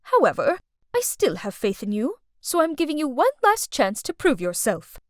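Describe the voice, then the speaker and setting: A woman voicing a stern female school principal who scolds in a measured, disappointed way. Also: high-pitched, huge pitch swings, no room sound, studio quality.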